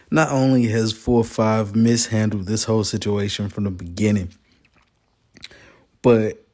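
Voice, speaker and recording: A man's voice: fairly low pitch, a little mellow. A man in a heated, rambling political rant, swearing freely and getting worked up. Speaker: vlogger.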